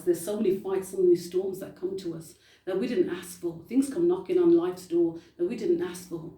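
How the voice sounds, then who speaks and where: A woman's voice: lowish voice, dark tone, slight background noise. Woman preaching in an echoey room. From United Kingdom. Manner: storytelling with emphatic repetition. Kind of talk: testimony sermon. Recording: roomy echo, distant mic.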